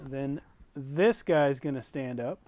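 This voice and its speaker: A man's voice: medium pitch, takes it slowly, warm tone. A man narrating and running combat as game master of a tabletop game, describing the blows vividly and energetically.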